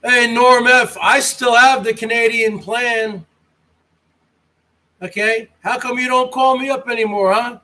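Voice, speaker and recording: A man's voice: extremely high pitch, fairly even intonation, a little slow, pushed and bright. An American man hosting a casual livestream, reading chat and taunting viewers by name. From United States. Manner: mocking, taunting, talks straight to chatters.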